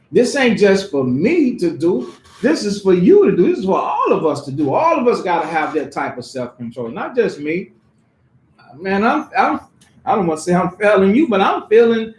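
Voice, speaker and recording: Male pastor, very high voice, casual conversational sermon full of acted asides, recorded in a reverberant church hall.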